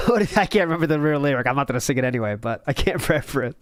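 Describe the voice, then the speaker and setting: A man riffs through a reaction podcast, laughing and mocking as he goes. His pitch leaps around constantly. The sound is dry and close, with no room around it. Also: very fast, dry recording. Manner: laughing, mocking, animated riffing. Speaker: podcast host. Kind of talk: reaction commentary.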